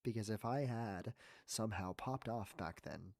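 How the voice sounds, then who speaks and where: A man with a worn-out, hoarse voice hosting a casual podcast conversation, talking earnestly with lots of fillers. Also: lowish voice, unhurried, no echo, studio quality. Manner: earnest, rambling, many fillers. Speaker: podcast host. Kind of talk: casual interview chat.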